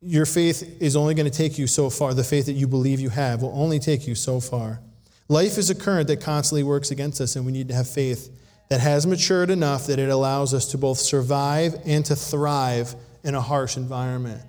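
A man preaching a sermon, telling a personal story in an animated way and acting out voices. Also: medium pitch, normal speed. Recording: long hall reverb.

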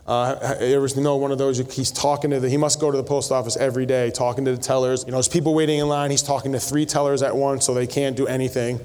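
A man's voice: mid-range voice, little pitch movement, fast, few pauses, a little mellow. A middle-aged male pastor preaching a sermon in a conversational way, mixing teaching with storytelling asides. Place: church sanctuary. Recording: long reverb of a church hall.

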